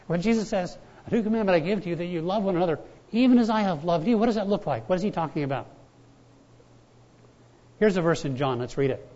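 A man's voice: fairly high pitch, animated, a little fast, dark tone. Conversational preacher, a man with dull sound. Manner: conversational, storytelling preacher with repetitions. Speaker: pastor. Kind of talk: sermon.

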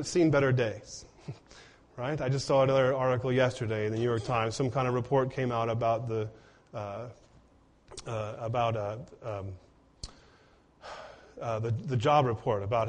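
A man's voice: mid-range voice, fairly even intonation, normal speed, pauses often. A man preaching a sermon in an earnest way, often putting rhetorical questions to his congregation. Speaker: pastor.

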